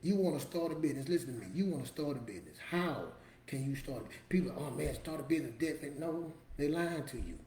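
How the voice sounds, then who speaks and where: A man talks straight to camera, preachy and emphatic, in loose street-casual speech. His voice sits a bit high for a man. The room rings with echo, and a faint hiss runs underneath. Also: very animated, fairly quick, hardly any pauses, a little mellow. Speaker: motivational vlogger. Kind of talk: motivational talk to camera.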